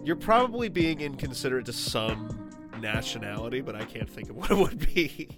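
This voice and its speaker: A man's voice: sing-song, a little fast, music in the background. A man co-hosting a casual podcast, goofy and joking. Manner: goofy, jumps into silly high voices. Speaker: podcast co-host, streamer. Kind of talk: casual chat.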